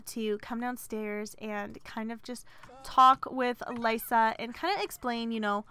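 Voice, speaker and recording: Rambling, chatty woman with a higher voice. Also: measured pace, pushed and bright, smooth. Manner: rambling, many fillers and restarts; chatty, gossipy storytelling. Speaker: let's play narrator. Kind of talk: casual game commentary.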